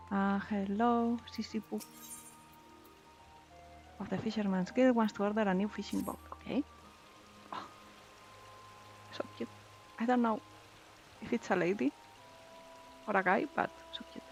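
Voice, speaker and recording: A woman's voice: fairly low pitch, expressive, unhurried, vocal fry, long pauses, soft background music. A woman streaming a game in casual commentary, chatty and giggly, thinking aloud as she plays.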